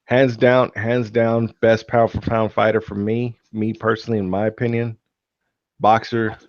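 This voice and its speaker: A man with a lowish voice chats casually on a live stream, stumbling through fillers and restarts. The sound is dry and dull, like a home computer mic. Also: flat delivery, moderate pace, dry recording. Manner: rambling, hesitant, lots of fillers and restarts. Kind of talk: casual chat.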